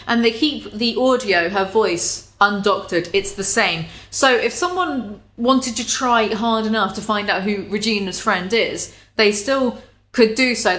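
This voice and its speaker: A woman's voice: mid-range voice, fairly bright tone. A woman giving chatty, sarcastic video commentary, swearing now and then. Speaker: commentary YouTuber.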